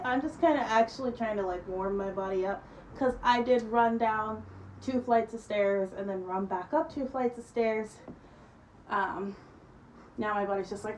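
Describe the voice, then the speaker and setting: A woman's voice: a little high, measured pace, darkish tone, slight background noise, rough recording. A woman streaming from home and leading a stretching session, chatting casually in a rambling, self-correcting way while a little out of breath. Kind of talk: casual live-stream chat.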